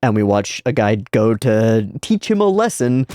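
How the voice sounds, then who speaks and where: A man's voice: on the low side, very animated, normal speed, a little mellow, soft background music. A man hosting an anime reaction, chatting casually and swearing now and then.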